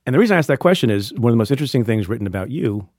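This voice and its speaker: A man's voice: medium pitch, expressive, racing, a little mellow, no room sound. A man hosting a studio interview podcast, reading an ad and then questioning his guest with wry humor. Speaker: podcast host. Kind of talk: interview with ad read.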